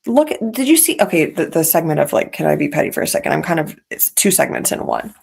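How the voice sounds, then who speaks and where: A woman's voice: low voice, sing-song, fast, vocal fry, darkish tone, husky. A woman hosting a podcast, chatting in a casual, opinionated way and dropping petty asides. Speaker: podcast host. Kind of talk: casual reality-TV gossip commentary. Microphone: podcast mic.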